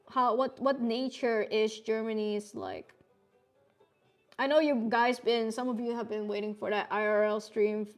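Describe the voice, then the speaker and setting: A young woman streaming from home, chatting casually with viewers as she draws, often laughing and swearing. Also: fairly high pitch. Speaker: artist streamer. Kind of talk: casual live-stream chat while drawing.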